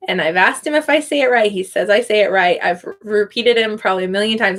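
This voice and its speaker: This young woman, who teaches English online, speaks in a mid-range, fairly bright voice during a casual live teaching chat. She's showing how names are pronounced, saying them slowly and carefully with drawn-out sounds.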